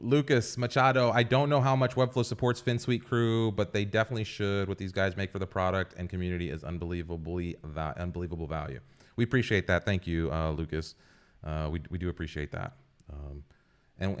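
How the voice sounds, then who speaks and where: A man's voice: fairly low pitch, clean tone. A man co-hosting a livestream podcast, talking casually and reading viewer comments aloud, often adding "right?" and "you know". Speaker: podcast co-host.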